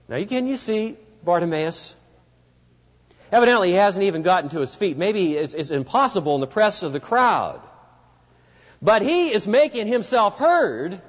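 A man's voice: sits high, animated, moderate pace. A man preaching a sermon, telling a story vividly and speaking directly to his listeners. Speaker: pastor. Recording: dull lo-fi recording with long hall reverb.

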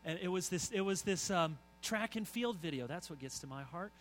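A middle-aged man preaching a sermon, telling stories and swinging from soft asides to loud emphasis. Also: high-pitched, animated, a little fast, faint music behind, poor audio. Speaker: pastor.

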